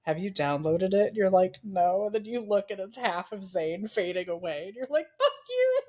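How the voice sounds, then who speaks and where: A woman co-hosting a podcast, easygoing and chatty, breaking into laughter and quoting characters as she talks. Her voice sits at an ordinary middle pitch. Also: normal speed, warm tone. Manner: chatty, laughs often, acts out lines. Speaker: podcast co-host. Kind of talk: casual chat about a game.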